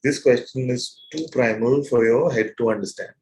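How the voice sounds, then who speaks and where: Gently probing male spiritual teacher. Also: mid-range voice, moderate pace, a little hiss or hum, rough recording. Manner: probing, asks repeated questions; gentle and playful, with soft laughs. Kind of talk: satsang teaching to a live group.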